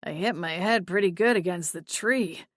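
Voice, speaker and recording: A woman voicing an earnest, apologetic young man with a gentle, sheepish manner, in a dry audiobook reading. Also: lowish voice, normal speed, no echo.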